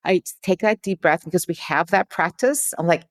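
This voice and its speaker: A woman's voice: fairly low pitch, a little fast. A woman guest in a conversational interview, talking earnestly and acting out quoted lines. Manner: earnest, acts out quoted dialogue.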